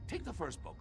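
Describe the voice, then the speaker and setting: An actor playing a capricious, theatrical mad trickster god in a video game, with a gravelly voice and a mocking, whimsical delivery that jumps between whispers and shouts. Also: male voice, natural voice. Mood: scheming. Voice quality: gravelly, wildly swooping delivery. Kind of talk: video game character dialogue.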